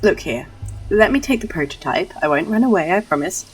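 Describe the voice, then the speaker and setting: A woman's voice: fairly low pitch, animated, fairly quick, soft background music, pitched above the performer's own voice, close to an everyday voice, low-quality recording. A woman reading a weary, exasperated doctor.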